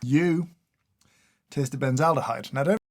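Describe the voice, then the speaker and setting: A man's voice: mid-range voice, unhurried, no echo. A man doing casual taste-test commentary, dry and sarcastic, scolding each product he tries. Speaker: food taste tester.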